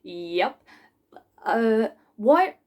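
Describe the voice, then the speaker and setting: A young woman, a piercer reacting to memes in a casual vlog, animated and sarcastic, often slipping into mocking voices. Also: fairly high pitch, drawn-out words.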